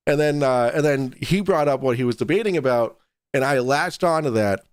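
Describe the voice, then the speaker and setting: A man's voice: medium pitch, moderate pace, clear, resonant tone, no echo. Hesitant man in a dry room. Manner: hesitant, many restarts. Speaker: guest. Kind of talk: casual chat.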